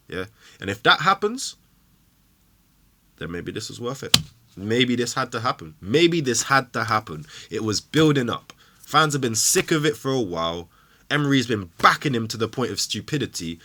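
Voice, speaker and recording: Male fan-show host, low-pitched and bright, angry emotional ranting. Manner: angry, swearing, emphatic rant.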